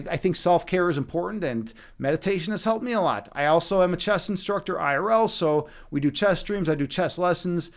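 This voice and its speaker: A man chatting casually on a live stream as host, rambling and swearing freely, often checking in with "right?". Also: sits high. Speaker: streamer, chess instructor and meditation guide.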